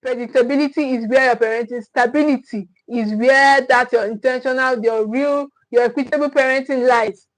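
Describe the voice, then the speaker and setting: A woman's voice: high-pitched, fairly even intonation, normal speed, few pauses, rough recording. A woman giving a motivational parenting talk as a coach, emphatic and repetitive in a preacher-like way.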